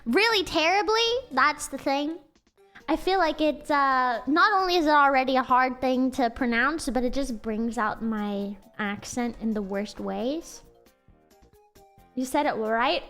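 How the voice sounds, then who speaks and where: A woman's voice: sits high, a little slow, sharp tone, faint music behind. A woman with an American accent chatting casually on a livestream, giggly and rambling with lots of "like" fillers.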